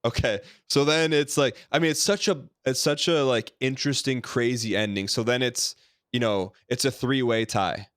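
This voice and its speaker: A man's voice: medium pitch, moderate pace, dry recording, clean studio sound. A man hosting a podcast, asking the guest rambling, probing questions with many fillers. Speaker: podcast host. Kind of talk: casual interview.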